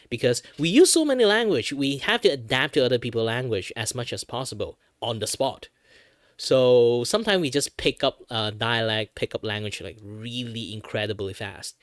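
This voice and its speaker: A man from Malaysia with a Malaysian English accent, chatting casually on a stream in a rambling, animated way. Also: medium pitch, no echo, studio quality. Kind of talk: casual chat while drawing.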